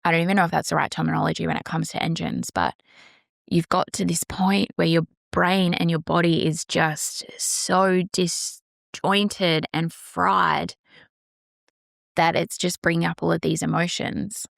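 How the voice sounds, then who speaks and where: A woman's voice: lowish voice, a little slow, gravelly, dry recording, clean studio sound. A woman hosting her own podcast, talking candidly and passionately in a solo monologue. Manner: earnest, emphatic, passionate. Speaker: podcast host.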